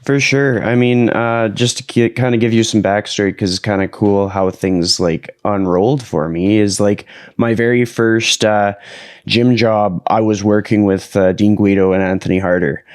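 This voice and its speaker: Relaxed low-voiced man hosting a podcast. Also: moderate pace, no room sound, studio quality. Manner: relaxed, many fillers like "like" and "kinda". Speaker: podcast host. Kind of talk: casual conversation.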